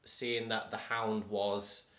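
Jokey male co-host, slightly low, bright voice, roomy sound. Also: little pitch movement, takes it slowly. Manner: jokey, laughing, does silly voices. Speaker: podcast co-host. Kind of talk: casual film chat. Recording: echoey room, faint noise.

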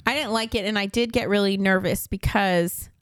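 Mom podcaster, thirties, animated and laughing, mid pitch, dry mic. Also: female voice, normal speed, clear, resonant tone, no echo. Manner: animated storytelling, mimics voices, laughs often. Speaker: podcast co-host. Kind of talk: casual chat.

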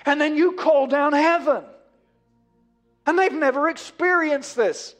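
A man, a pastor preaching a sermon, rising to emphatic bursts and then dropping low and quiet. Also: unhurried, faint music behind. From England.

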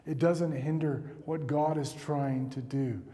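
A man's voice: on the high side, fairly even intonation, measured pace, dark tone. A man preaching a sermon and leading a fervent closing prayer. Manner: earnest, builds to fervent prayer. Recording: long hall reverb.

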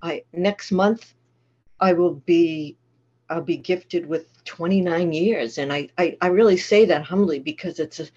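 A woman's voice: fairly low pitch, unhurried, darkish tone, slightly rough, highs cut off. Candid Boston woman sharing her recovery. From Massachusetts. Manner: candid, self-deprecating, plainspoken with restarts. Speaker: twelve-step meeting speaker. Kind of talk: personal recovery share.

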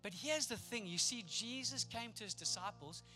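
A man delivers a lively sermon in a high register. His tone is bright and ringing, and he slips playfully into the people he describes. Faint music plays behind him. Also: moderate pace. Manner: animated, playful, acts out the people in the story. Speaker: pastor.

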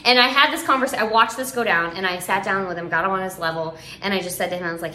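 Chatty bright-voiced woman in her thirties. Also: mid-range voice, quick pace, few pauses, soft background music. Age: 30s. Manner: chatty, many "like" fillers. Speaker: parent. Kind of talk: casual chat. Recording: roomy echo.

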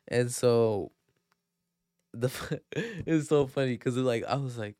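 A man's voice: medium pitch, moderate pace, a little mellow, dry recording, clean studio sound. A young man hosting a podcast, telling stories in a rambling, profane, laid-back way full of fillers. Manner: laid-back, self-mocking. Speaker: podcast host. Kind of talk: casual storytelling podcast.

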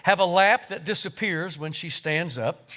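A man's voice: high voice, normal speed, bright, forceful tone. A man voicing the Lord, a patient male creator proud of his work, as part of a read-aloud story in a sermon. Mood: proud, fond.

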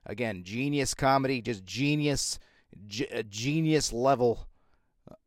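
A man's voice: mid-range voice, a little slow, no room sound, studio quality. Sarcastic rambling male show host. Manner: sarcastic, rambling, many restarts. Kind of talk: casual rambling monologue.

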